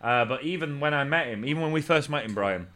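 A man's voice: medium pitch, lively intonation, fast talker, fairly bright tone. A man hosting a radio show, telling a rambling, profane anecdote with frequent restarts. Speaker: radio host. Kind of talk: casual anecdote on air.

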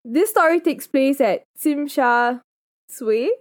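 A young woman hosts a casual podcast in a slightly high voice, recorded close and dry. She is playful and self-mocking with her friends before settling into telling the story. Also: measured pace, darkish tone, dry recording. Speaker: podcast host. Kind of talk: casual chat, telling a true crime story.

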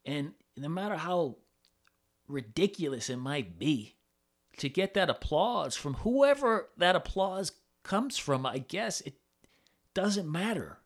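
A man's voice: on the high side, very animated, slow. A man hosting a podcast, talking in a rambling, profane casual monologue with many restarts. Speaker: podcast host.

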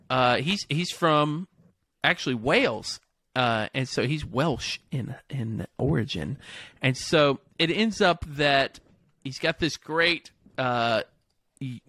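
A man co-hosting a casual chat, telling stories in an animated way, slipping into voices and laughing often. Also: medium pitch, no echo.

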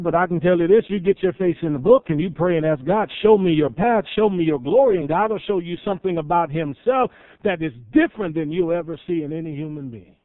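A man with a fairly high voice preaches a sermon, swinging from loud, emphatic peaks down to hushed, slow phrases. The sound is thin and phone-like, with a dry, close feel. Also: dry recording. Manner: swells loud then drops soft, dramatic pauses. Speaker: pastor.

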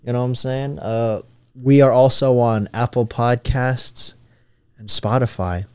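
Young male podcast co-host, slangy and joking, warm dry sound, faint music under. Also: medium pitch, fairly even intonation, unhurried, clean tone, dry recording. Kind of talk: casual podcast chat.

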